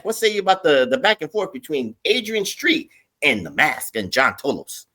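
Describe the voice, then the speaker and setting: A man hosting a casual podcast chat, punching his points hard and prodding his co-host with questions. His voice is bright and sharp and sits somewhat high. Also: normal speed. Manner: lively, emphatic, quizzing his co-host.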